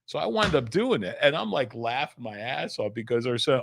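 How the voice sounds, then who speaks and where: A middle-aged man, a comedian guest telling energetic stories in a small studio, laughing and swearing casually. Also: mid-range voice, a little fast, creaky, few pauses, no echo. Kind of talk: animated storytelling chat.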